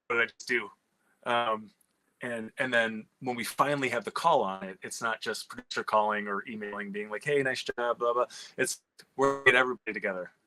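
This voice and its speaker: A man, a screenwriter and comic writer, telling a candid story in an animated, profane way with many restarts. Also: medium pitch, fairly quick, low-quality recording.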